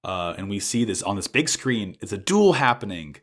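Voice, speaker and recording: A man casually recapping an anime episode as podcast co-host, animated and swearing freely. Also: on the low side. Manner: animated, swears freely, acts out characters' lines in quick bursts.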